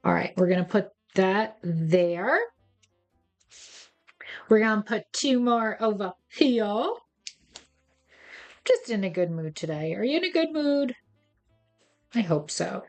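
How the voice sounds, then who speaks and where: A woman's voice: mid-range voice, animated, slow, pauses often, faint music behind. Chatty woman demonstrating a card craft. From United States. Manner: chatty and playful, talks to viewers, chuckles at herself. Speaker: craft tutorial host. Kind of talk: casual step-by-step craft demonstration.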